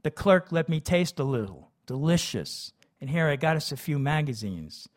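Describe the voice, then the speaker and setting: A man's voice: a little high, very animated, normal speed. A man doing a brash, joking father. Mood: boastful. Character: gruff, blustering working-class father.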